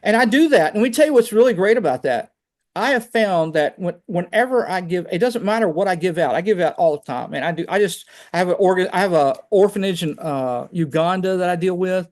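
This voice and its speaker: A man telling personal faith stories on a video call, animated and chatty, often saying "man". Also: high-pitched, a little fast. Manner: animated storytelling, fillers like "man". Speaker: guest speaker. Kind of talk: casual testimony on a video call.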